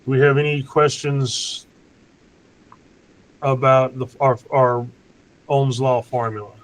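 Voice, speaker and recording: A man's voice: mid-range voice, little pitch movement, takes it slowly, poor audio. A man teaching an online class, patiently walking students through a worksheet and checking they understand.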